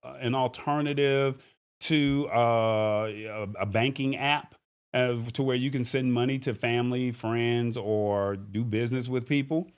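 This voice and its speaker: A man's voice: mid-range voice, steady tone, unhurried, smooth. A man hosting a tech livestream, talking casually and thanking viewers by name. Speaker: tech show host.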